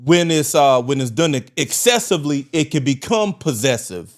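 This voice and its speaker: Measured man steering a podcast chat. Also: on the high side, sing-song. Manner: measured, guides the discussion. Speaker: podcast co-host. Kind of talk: casual conversation.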